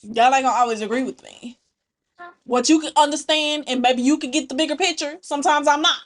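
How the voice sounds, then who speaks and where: Animated high-voiced woman vlogger. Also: a little fast. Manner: animated, talks straight to the audience. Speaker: story-time reaction vlogger. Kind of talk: casual chat to viewers.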